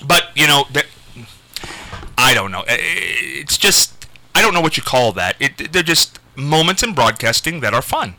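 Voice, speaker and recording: Animated, bright-voiced male radio host. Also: unhurried, rough recording. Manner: animated storyteller, jumps pitch for quotes. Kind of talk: casual radio chat.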